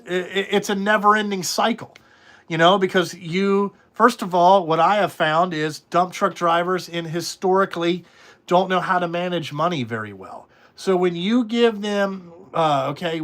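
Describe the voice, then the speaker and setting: A man with a notably high voice talks casually on a podcast about running a trucking business. He is blunt and profane and rambles from one point to the next. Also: a little slow, fairly bright tone. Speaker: trucking company owner.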